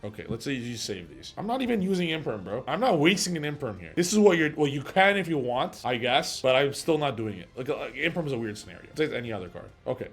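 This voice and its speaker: A young man teaching card game strategy in an energetic, profane tutorial, swinging from loud emphatic bursts to low muttering. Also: fast talker, gravelly, hardly any pauses, faint music behind.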